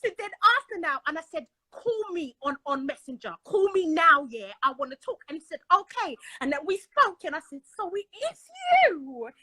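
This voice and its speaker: A woman tells a long personal story, excitable and dramatic, slipping into the voices of the people in it. Her voice sits very high and sounds bright and forceful. The sound is dry and close. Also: normal speed, hardly any pauses, dry recording, poor audio. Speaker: caller telling her story. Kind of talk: animated storytelling on a live stream.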